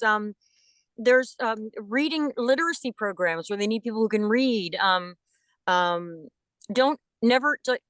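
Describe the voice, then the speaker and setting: A woman who is a voice actress, chatting as a guest in an interview with enthusiastic, animated talk and frequent restarts. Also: fairly high pitch, dry recording. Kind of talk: casual interview chat.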